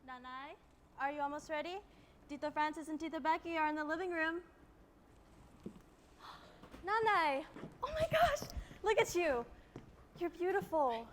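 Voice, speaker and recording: A woman's voice: high-pitched, steady tone, fairly quick, slight background noise, close to an everyday voice. A young woman playing an affectionate Filipina daughter who talks earnestly and tearfully. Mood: emotional. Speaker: daughter in a stage scene. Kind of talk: student theater acting.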